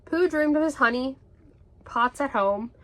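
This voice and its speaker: High-voiced woman reading a bedtime story. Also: a little slow, fairly bright tone. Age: 20s.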